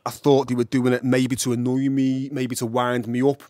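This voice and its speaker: A man from England with a Liverpool accent, a podcast guest telling his story in a lively, animated way and laughing often. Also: medium pitch, moderate pace, dry recording, clean studio sound. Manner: animated, laughs often, acts out voices in anecdotes. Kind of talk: casual storytelling interview.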